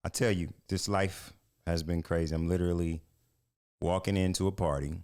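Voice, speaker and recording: A man's voice: low voice, steady tone, normal speed, darkish tone, clear, resonant tone. A man co-hosting a sports podcast, telling a story in a laid-back, slangy way. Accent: American. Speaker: podcast co-host.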